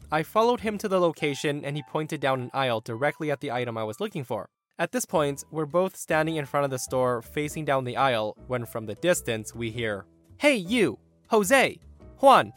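A man hosting a podcast, narrating a story in an animated, indignant way and acting out the people in it. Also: a little high, a little fast, hardly any pauses, faint music behind. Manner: animated, indignant retelling with quoted voices. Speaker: podcast host.

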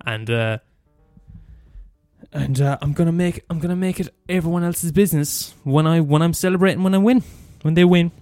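A man's voice: on the high side, moderate pace, darkish tone, no echo, soft background music. A man from Limerick with a Limerick Irish accent, ranting in a comedic monologue, profane and exasperated, often restarting and repeating himself. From Limerick, Ireland.

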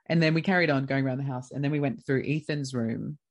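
Animated Australian woman telling a story. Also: rumbling low, fast talker. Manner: lively, acts out quoted dialogue. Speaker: podcast guest. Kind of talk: casual storytelling.

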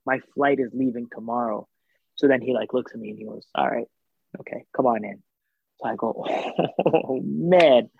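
A man's voice: mid-range voice, normal speed, gravelly, breathy edge, dry recording. Man, casual storyteller, acts out voices, phone-like sound, dry. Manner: animated, acts out quoted voices, filler-heavy.

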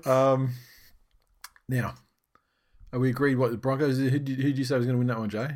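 A man's voice: medium pitch, steady tone, a little fast, a little mellow. A man hosting a casual sports podcast, talking loosely and reading out team news. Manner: loose and chatty, swears, reads out team news. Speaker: podcast host.

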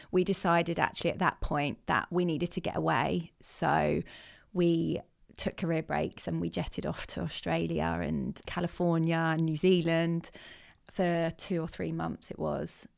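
A woman's voice: lowish voice, creaky. A woman telling her personal story as an interview guest, reflective and open about hard times.

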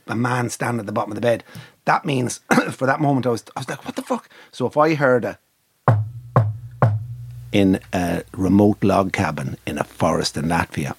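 A man's voice: lowish voice, vocal fry, husky. An Irish man telling an anecdote in casual chat, swearing freely and acting out the voices of the people in the story. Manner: animated storyteller, swears often, acts out voices.

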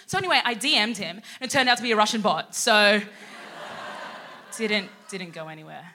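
A young woman telling a comic story on stage, sweary and animated, laughing through her lines. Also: mid-range voice, brisk. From Australia. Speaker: co-host. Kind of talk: live stand-up storytelling. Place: live theatre stage.

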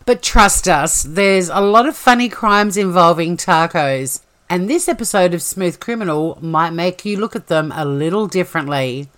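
A woman's voice: lowish voice, moderate pace, hardly any pauses, a bit bright. Wry Australian woman podcast host. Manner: chatty, wry storytelling. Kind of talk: scripted narration.

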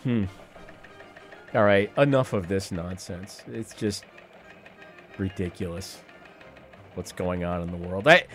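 A man's voice: deep voice, takes it slowly, long pauses, a bit bright, soft background music. A man in his fifties hosting a radio call-in show, talking in a wry, rambling way with profane asides. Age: 50s. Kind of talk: rambling talk radio monologue.

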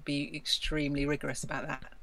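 A woman's voice: sits low, fast. Effusive woman film director. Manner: effusive, animated, laughs often. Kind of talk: interview answers.

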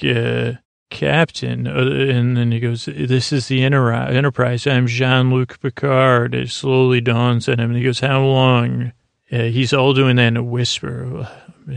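A man hosting a podcast, giving a rambling, hesitant episode recap for sleep, with many pauses and restarts. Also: medium pitch, creaky, no room sound. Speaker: podcast host.

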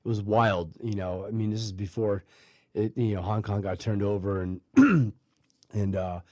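A man's voice: fairly low pitch, normal speed, darkish tone, no room sound, studio quality. A middle-aged man casually telling a long story, with many restarts and fillers, acting out what people said. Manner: rambling, many restarts and fillers, acts out quoted voices. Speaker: guest telling a life story.

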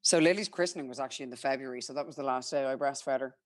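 This is candid personal storytelling from a young Irish guest who talks frankly and chattily, repeating her own words and other people's as she goes. Her voice rumbles low and she speaks very fast. The studio audio is clean with no echo.

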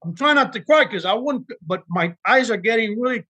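A man's voice: high voice, expressive, brisk, pushed and bright, breathy edge. A man, an actor, telling earnest, emotional stories from his work in a casual interview chat. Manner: earnest, emotional storytelling with restarts. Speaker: actor guest.

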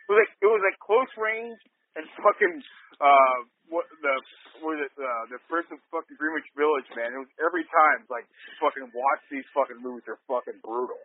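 A man's voice: on the high side, fast talker. Profane man on a tinny line. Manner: emphatic, repeats himself, swears a lot. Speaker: podcast co-host. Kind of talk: casual profane chat. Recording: tinny phone-like line with faint noise.

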